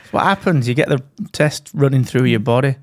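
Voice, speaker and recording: A man co-hosting a podcast, tossing out jokey, sweary banter in an easy conversational way. His voice sits at a middling pitch, close-miked and bone dry with no room sound. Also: brisk, dry recording. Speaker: podcast co-host. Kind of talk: casual chat. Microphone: studio dynamic mic.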